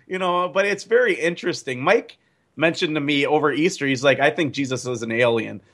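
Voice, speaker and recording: A man's voice: a little high, moderate pace, fairly bright tone. A man hosting an interview, asking musing, conversational questions. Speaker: host. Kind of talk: casual interview talk.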